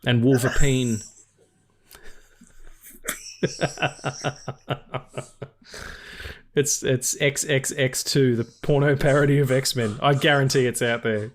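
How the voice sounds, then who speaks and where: A man co-hosting a casual film podcast, joking, swearing freely and laughing often. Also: medium pitch. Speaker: podcast co-host.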